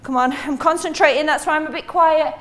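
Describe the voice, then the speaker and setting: High-pitched woman fitness coach working out as she talks, calling out moves and counts, a bit breathless. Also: steady tone, a little fast, fairly bright tone. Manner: counts reps and cues moves while exercising. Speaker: fitness instructor.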